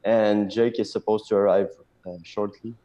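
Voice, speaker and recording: A man with a French accent, French being his first language, speaking as a tech guest in a casual interview, with halting speech and many fillers. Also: on the low side, flat delivery, mellow, rough recording. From Canada. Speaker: chief technical officer guest.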